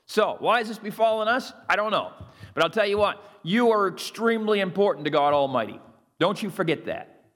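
A man's voice: high voice, lively intonation, a little fast, fairly bright tone. A male pastor preaching a sermon, reading scripture with rising emphasis and asking his listeners to repeat phrases after him. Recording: long hall reverb.

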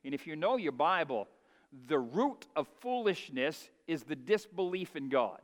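A man preaching a sermon in a folksy way, building to loud, emphatic peaks. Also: fairly high pitch, big pitch swings, measured pace, big-room sound. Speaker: pastor.

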